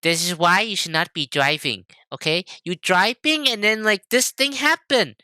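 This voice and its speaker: A man's voice: high voice, sharp tone, clean tone, dry recording, clean studio sound, voice pushed up. A young man imitating his impatient mother ranting in broken English. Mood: nagging, exasperated. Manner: broken English, rapid nagging rant. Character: scolding immigrant mother, middle-aged, impatient. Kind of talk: comic impression in podcast chat.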